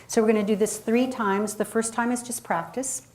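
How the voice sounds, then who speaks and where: A woman coaching a live group on voice, speaking energetically and dropping into sudden high and low demonstration voices. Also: steady tone, moderate pace, darkish tone. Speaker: voice and presentation coach. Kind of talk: workshop talk to a live audience.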